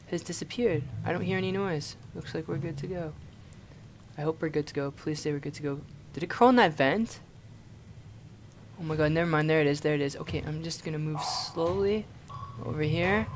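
A man's voice: a little high, background noise. A young man from Canada playing a horror game and commenting in a panicky, swearing way, often repeating himself in frantic bursts. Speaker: gaming YouTuber.

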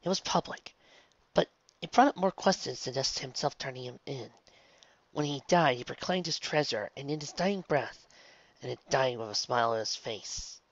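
A man's voice: medium pitch, animated, normal speed, a bit bright, dry recording. A man voicing a solemn regal pony princess. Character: regal, remorseful sun princess, female pony. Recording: dull lo-fi, dry.

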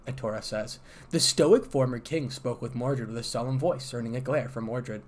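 A man narrates fan fiction aloud at a mid pitch, in a plain, unpolished reading voice. He trips over a word now and then and pushes on. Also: moderate pace, darkish tone, slight background noise. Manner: plain reading with small stumbles.

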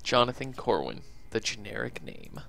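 A man's voice: mid-range voice, sing-song, normal speed, gravelly, bright, forceful tone. A man playing along as co-player, talking casually and laughing often. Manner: laid-back, laughs a lot. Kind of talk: casual let's-play chat.

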